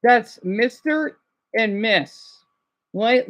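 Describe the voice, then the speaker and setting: A man's voice: high voice, very slow, pauses often, a bit bright. A man chatting casually with his live chat, rambling and hesitant with many restarts. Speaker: livestreamer answering chat.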